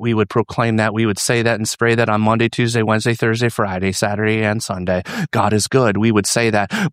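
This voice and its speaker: A man preaching a sermon, often repeating and restarting words, his pitch climbing on emphatic lines. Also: no room sound, clean studio sound. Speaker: pastor.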